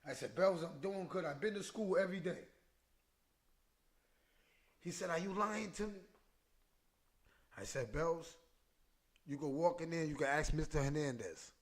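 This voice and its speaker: A man's voice: fairly high pitch, normal speed, pauses often. A man hosting a podcast, telling an emotional personal story in street slang and repeating phrases for emphasis, choked up at times. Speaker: podcast host.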